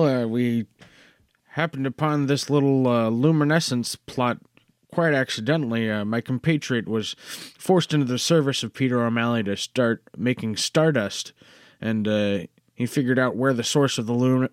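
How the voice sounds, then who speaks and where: A man speaking in character as a player in a tabletop role-playing game, measured and slightly formal. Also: medium pitch, no echo, clean studio sound.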